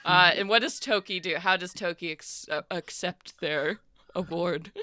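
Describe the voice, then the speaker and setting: A woman's voice: fairly low pitch, unhurried, bright, forceful tone, dry recording, studio quality. A young adult woman narrating as game master, chatty and giggly with many fillers.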